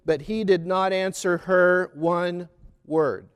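A man preaching a sermon on a Gospel reading, slow and deliberate, stressing lists of words one by one. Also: sits high, fairly even intonation, clear, resonant tone, big-room sound.

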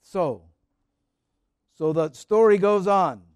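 A man preaching a sermon in a storytelling way, rising to fervent cries and then dropping soft. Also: high voice, takes it slowly, clean tone, no room sound. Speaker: pastor.

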